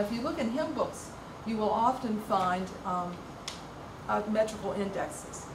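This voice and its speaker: A woman's voice: mid-range voice, echoey room, far from the mic, noisy background. A woman teaching a music workshop, explaining patiently with some ums and restarts. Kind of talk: informal music lesson.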